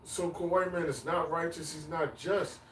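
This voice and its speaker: A man's voice: fairly high pitch, fairly even intonation, fairly quick, a little hiss or hum. A man preaching on the street, emphatic and repetitive, chanting lists of words. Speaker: street teacher. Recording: echoey, distant mic, faint ambience.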